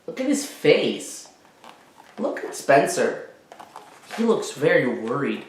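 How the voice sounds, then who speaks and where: A male teacher reads a storybook aloud for children, pausing to speak to them directly. His voice sits slightly high for a man. The recording has a roomy echo. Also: very animated, a little hiss or hum. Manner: friendly, talking to young listeners.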